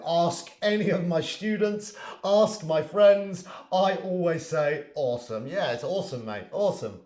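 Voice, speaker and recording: A man with a British accent, an English teacher explaining everyday phrases to his viewers in an animated way. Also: fairly high pitch, echoey room. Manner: animated, shifts into quick acted example lines. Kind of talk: explaining lesson to camera.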